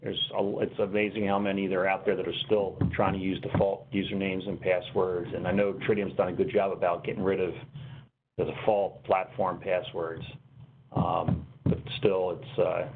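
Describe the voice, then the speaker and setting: Lower-voiced man on a tinny line. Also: level tone, normal speed, creaky. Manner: explanatory, talks through screen steps. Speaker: technical trainer presenting a webinar. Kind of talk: conversational software demo walkthrough. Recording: tinny phone-line webinar audio, faint noise.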